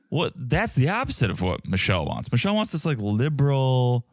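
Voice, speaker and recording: A man's voice: medium pitch, sing-song, brisk, no echo, clean studio sound. A man from Connecticut co-hosting a podcast, recapping in a wry, joking way. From Connecticut, United States. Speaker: podcast co-host. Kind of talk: casual chat.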